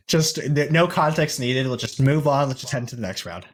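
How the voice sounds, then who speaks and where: A man casting an esports match, mixing rambling jokey banter with fast play-by-play calls. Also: medium pitch, lively intonation, a little hiss or hum. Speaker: esports caster.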